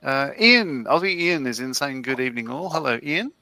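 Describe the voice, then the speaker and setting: A man's voice: mid-range voice, expressive, moderate pace, bright, forceful tone. A man hosting a casual livestream, reading viewer comments aloud with chuckling asides. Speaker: livestream host.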